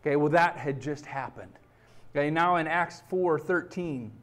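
A middle-aged man preaching a sermon in a fairly high voice. He is emphatic and keeps checking in with his congregation as he goes. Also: animated, a little fast, a bit bright. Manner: emphatic, repeats "okay?" to the congregation. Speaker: pastor.

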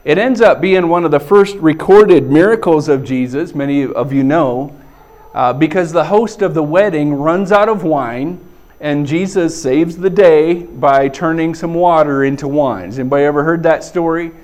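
A man's voice: on the high side, normal speed, darkish tone. A middle-aged man preaching a sermon in a conversational way, chuckling often and checking in with the congregation. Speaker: pastor.

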